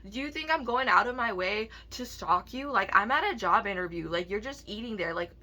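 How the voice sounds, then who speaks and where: Bright-voiced young woman ranting casually. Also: medium pitch, lively intonation, brisk. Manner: rambling, profane, fillers of "like". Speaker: vlogger. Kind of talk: casual storytime rant.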